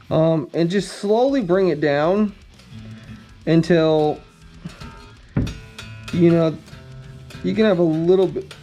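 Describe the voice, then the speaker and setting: Man, guitar instructor, casual rambling explanation, mellow warm tone, faint guitar behind. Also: fairly high pitch. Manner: relaxed, rambling, frequent ums, blunt mild cursing.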